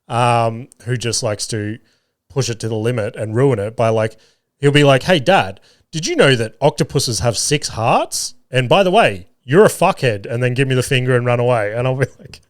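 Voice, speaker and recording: This solo podcast host, a man in his thirties, has a clean, mid-range voice recorded in studio quality with no echo. He tells meandering family stories in a casual way, swearing often and laughing along.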